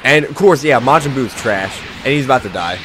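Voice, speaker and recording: Male let's play host, animated, chatty, prone to frustrated yelling. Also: medium pitch, a little fast, background noise. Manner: excitable, swings from chatty to loud frustrated outbursts. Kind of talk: casual gameplay commentary.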